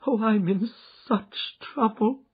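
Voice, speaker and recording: A woman's voice: animated, unhurried, slightly rough. A man voicing a distraught, frightened young woman who pleads for help, in a dull lo-fi recording. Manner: pleading, high and breathless.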